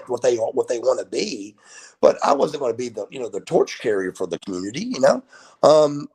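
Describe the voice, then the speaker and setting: A man in his fifties, a guest on a video call, telling stories in a casual, animated way and swearing freely. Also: mid-range voice, creaky, husky. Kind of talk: casual storytelling interview.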